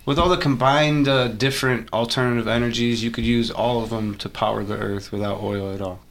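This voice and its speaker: A man's voice: medium pitch, steady tone, fairly quick. A man co-hosting a casual podcast, speaking in a laid-back, informal way. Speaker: podcast co-host. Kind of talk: casual group chat.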